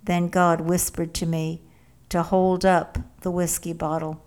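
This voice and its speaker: Woman, first-person story reading, low voice, very slow, measured. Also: little pitch movement, darkish tone. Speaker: narrator.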